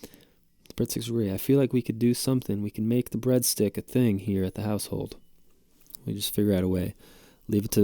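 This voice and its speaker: Gravelly man rambling through a story. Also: lowish voice, dark tone, dry recording, studio quality. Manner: rambling, profane and jokey. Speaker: podcast host. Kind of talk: casual storytelling monologue.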